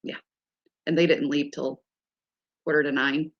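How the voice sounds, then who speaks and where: A woman's voice: deep voice, flat delivery, measured pace, highs cut off. A woman in her fifties talking casually to her audience, telling exasperated stories in a chatty way. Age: 50s. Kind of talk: casual chat to a live audience.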